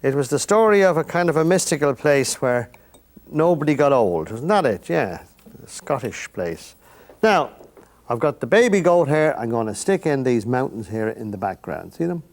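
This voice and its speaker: An older Irish painting instructor hosts a lesson in a mid-range, very animated voice at a moderate pace. While he works, he chats to the viewer in rambling, folksy asides.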